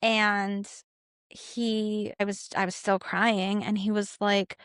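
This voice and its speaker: A woman's voice: mid-range voice, flat delivery, takes it slowly, a bit bright, clean tone, no echo, clean studio sound. A young woman co-hosting a podcast, chatty and candid, telling a personal story with many "like" fillers and acted-out bits of past dialogue. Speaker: podcast co-host.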